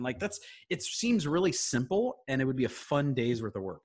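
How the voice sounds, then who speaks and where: A man co-hosting a casual chat, animated and quick to act out little scenes. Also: mid-range voice, breathy edge. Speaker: podcast co-host.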